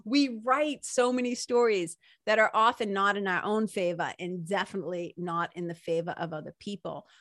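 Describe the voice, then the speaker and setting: A woman hosting a casual spiritual talk, chatty and animated, peppering her speech with "like" and "right?". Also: medium pitch, normal speed, hardly any pauses, no room sound, clean studio sound.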